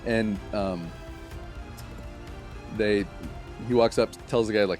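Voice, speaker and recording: A man's voice: lowish voice, steady tone, slow pace, darkish tone, faint music behind. A man casually telling a long story on a podcast, swearing freely and acting out what others said. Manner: profane, acts out quoted people.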